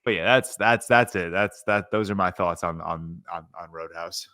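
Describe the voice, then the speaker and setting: In a low, bright, forceful voice at a moderate pace, a young man co-hosting a podcast chats casually about a movie he's reviewing. He rambles, using lots of fillers and restarting sentences, in studio-quality audio with no room sound.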